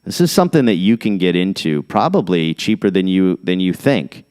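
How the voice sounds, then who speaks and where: A man's voice: low voice, very animated, normal speed, darkish tone, smooth. A middle-aged man hosting a podcast, rambling casually, jumping between topics and reading definitions aloud off the screen. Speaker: podcast host.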